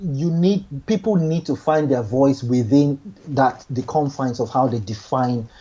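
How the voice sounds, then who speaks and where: A man's voice: medium pitch, measured pace, mellow, breathy edge, highs cut off. A man giving relationship advice in a casual chat, earnest, often repeating and restarting his words.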